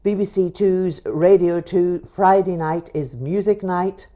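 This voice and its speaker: Lady radio host, low mellow voice, polished interview manner. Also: a little slow.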